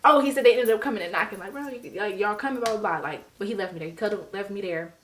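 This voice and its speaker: Animated woman telling a casual storytime. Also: medium pitch, rapid-fire, a little hiss or hum. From Detroit. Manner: animated, slangy, laughs while telling. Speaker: storyteller vlogger.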